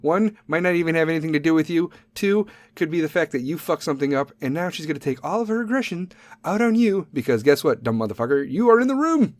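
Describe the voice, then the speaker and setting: A man's voice: a little high, expressive, fast, no room sound. A man hosting a podcast, ranting jokingly in a profane, rambling way about random thoughts. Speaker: podcast host. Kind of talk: solo comedic podcast rant.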